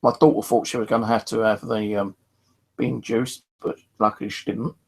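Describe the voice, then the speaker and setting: Low creaky middle-aged man. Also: level tone, brisk. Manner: rambling, many fillers and restarts. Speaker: streamer. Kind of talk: casual rambling monologue.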